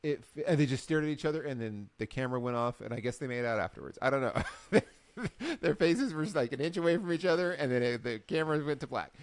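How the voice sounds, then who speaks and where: A man co-hosting a casual recap show, telling the story with lively acted-out quotes. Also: medium pitch, fast, no room sound. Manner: animated storyteller, acts out quotes. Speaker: podcast co-host. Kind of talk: casual chat.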